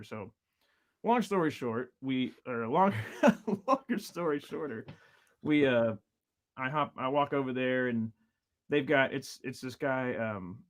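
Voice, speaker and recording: Man, 30s, guest drummer; loose, rambling storyteller, fillers throughout, mid-pitched voice. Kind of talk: casual storytelling chat.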